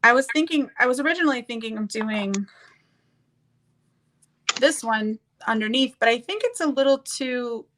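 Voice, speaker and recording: A fairly high-voiced woman chatting on a makeup stream. She rambles, trails off and reaches for words, loose and casual. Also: expressive, normal speed, pauses often, fairly bright tone, a little hiss or hum, rough recording. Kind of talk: casual chat while doing makeup.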